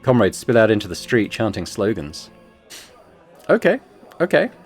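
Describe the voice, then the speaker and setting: Solo tabletop player and narrator, man, lower voice, very lively ups and downs, faint music behind. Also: vocal fry. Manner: expressive, groans and swears at dice rolls. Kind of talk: playing a tabletop game on camera.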